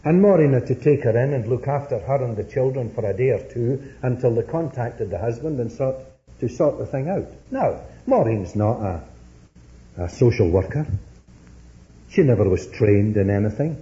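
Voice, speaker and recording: Preacher with a lively, mellow voice. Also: male voice, medium pitch, moderate pace. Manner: storytelling, earnest, with rising emphatic stresses. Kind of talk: sermon. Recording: dull lo-fi sermon recording.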